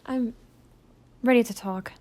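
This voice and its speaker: A woman plays a hesitant young female owl demon in a fan audio drama. She talks in an earnest, halting way with a warm, mellow tone. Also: on the high side, pitched above the performer's own voice, natural voice.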